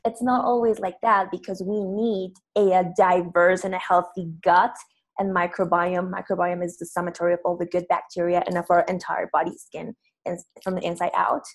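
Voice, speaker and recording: A woman's voice: fairly low pitch, little pitch movement, moderate pace, poor audio. A woman from Peru, a health coach explaining her field earnestly as a guest. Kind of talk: interview answers.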